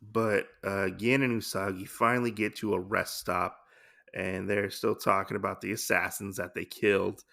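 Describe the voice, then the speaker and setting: A man casually recapping a comic story for his podcast. His voice is gravelly and bright, with a bit of fry. He rambles along loosely, with plenty of filler. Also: sits low, little pitch movement, normal speed. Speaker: podcast host.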